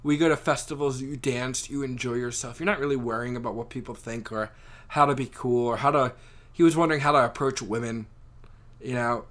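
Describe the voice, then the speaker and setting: A man's voice: mid-range voice, steady tone, a little fast, fairly bright tone. Rambling young man telling a story. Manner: rambling, filler-heavy storytelling with many "like"s. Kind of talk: casual chat.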